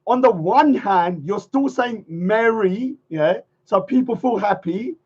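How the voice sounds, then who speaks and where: Man, livestream host, casual rambling chat, high voice, muffled lo-fi audio. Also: animated, slow, a little mellow, slightly rough. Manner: rambling, repeats phrases, chuckles often.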